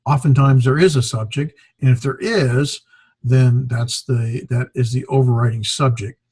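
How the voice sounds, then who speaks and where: A man's voice: mid-range voice, fairly even intonation, normal speed, darkish tone, slightly rough, no room sound. A man teaching a beginner Greek class, talking off the cuff with many fillers and self-corrections. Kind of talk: classroom lecture.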